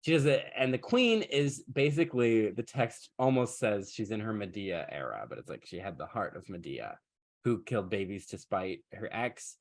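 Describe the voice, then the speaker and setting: A man's voice: lowish voice, expressive, normal speed. A man hosting a podcast in casual chat, retelling a story in a wry, sarcastic way and swearing freely. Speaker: podcast host.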